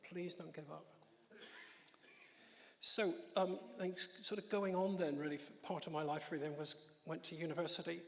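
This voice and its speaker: A man in his sixties giving his testimony in church, telling an emotional story with halting restarts and soft laughs. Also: on the high side, steady tone, creaky, long reverb tail. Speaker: guest speaker giving testimony. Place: church hall.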